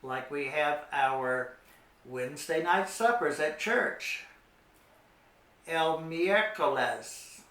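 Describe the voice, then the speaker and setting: A patient middle-aged man leads a children's Spanish lesson, speaking extremely slowly and repeating every word. His voice sits slightly high. The recording has a noticeably echoey room sound. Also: animated, bright, forceful tone. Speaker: Spanish teacher. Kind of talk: slow children's language lesson.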